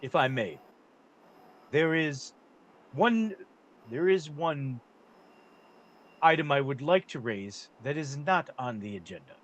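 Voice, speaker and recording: A man voicing a calm, formal nobleman who speaks slowly and humbly before the crown. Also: a little high, heavily acted. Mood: formal, measured. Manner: slow, measured, humble courtly speech.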